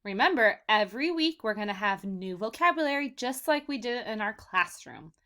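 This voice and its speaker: Lively high-voiced woman teaching young children. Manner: slow, exaggerated word modeling for repetition; encouraging, addresses children as "my friends". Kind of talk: vocabulary lesson for young children.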